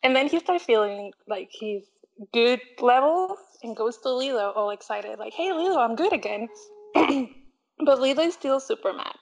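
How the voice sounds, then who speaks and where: Her voice runs on the high side at a normal speed, captured in a low-quality recording. As a podcast co-host, this young woman chats through a movie scene by scene, acting out quotes animatedly and laughing a lot.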